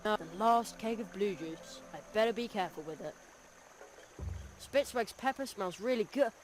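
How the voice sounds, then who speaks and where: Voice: mid-range voice, normal speed, lightly acted. Actor voicing an earnest, curious young boy. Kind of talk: video game voice acting. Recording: game audio under music.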